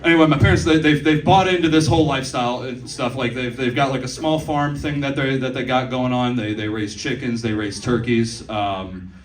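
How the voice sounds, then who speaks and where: A man's voice: mid-range voice, fairly even intonation, a little fast, a little hiss or hum. A young man in his twenties doing a stand-up comedy set in a comedy club, telling stories loosely and profanely with asides to the crowd. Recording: roomy club sound from a distance. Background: audience laughter.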